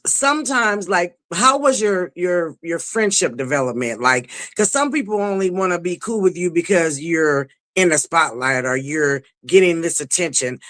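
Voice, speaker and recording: A woman's voice: fairly low pitch, lively intonation, normal speed, few pauses, a bit bright. A woman hosting a casual interview, chatty, affirming and teasing with her guest. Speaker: host.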